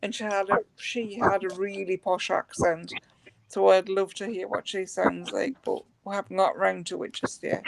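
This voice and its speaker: A woman talks frankly in a relaxed chat, not shy of a casual swear. Her voice has a gravelly, creaky edge at a middling pitch. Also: moderate pace, crowd noise, low-quality recording.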